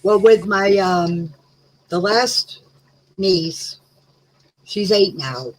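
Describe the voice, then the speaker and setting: A woman's voice: medium pitch, expressive, drawn-out words, poor audio. Woman, guest, casual chat, rambling storyteller, mid-range voice. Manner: rambling storyteller, many "you know"s.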